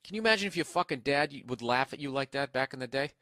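A podcast host with a mid-range, expressive voice talks quickly in a bright, forceful tone, with a slight hiss or hum in the audio. Recording a comedy podcast from a hotel room on a single microphone without headphones, he reads a listener's email aloud as a profane, sarcastic rant.

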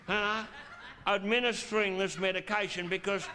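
A middle-aged man telling a crude, drawn-out stand-up story on a theatre stage, with theatrical pauses. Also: sits high, flat delivery, bright, forceful tone, slight background noise. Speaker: stand-up comedian. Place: theatre stage before a laughing audience.

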